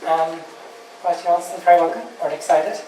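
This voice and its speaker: A woman hosting an open-mic poetry night in a pub, introducing readers casually with filler pauses. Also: on the low side, level tone, mellow. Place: pub function room. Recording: roomy pub from a distant mic with background noise.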